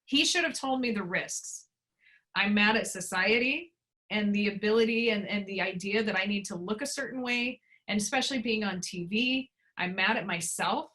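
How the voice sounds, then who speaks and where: A woman's voice: medium pitch, moderate pace, bright, forceful tone. A woman in her thirties in an interview, speaking bluntly and emphatically about her frustration. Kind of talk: emotional personal interview.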